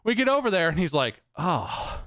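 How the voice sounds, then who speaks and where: A man's voice: high voice, very animated, normal speed, fairly bright tone, no echo, studio quality. A man hosting a podcast, telling an exasperated, sarcastic story in casual chat, swearing freely and laughing along the way. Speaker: podcast host.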